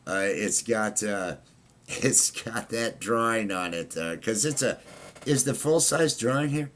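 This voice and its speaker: A man's voice: fairly low pitch, unhurried, fairly bright tone. A man hosting a casual livestream chat, rambling with many fillers and restarts. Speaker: livestream host.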